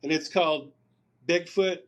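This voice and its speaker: A man's voice: fairly high pitch, steady tone, unhurried, a bit bright. A man, a podcast guest, telling a long story over a remote call, rambling and repeating words as he recounts conversations.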